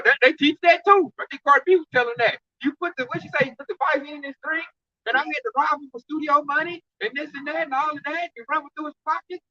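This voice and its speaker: Man, high bright voice, slangy scolding camp preacher, dull dry recording. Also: no echo. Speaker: speaker at a camp teaching. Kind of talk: informal preaching.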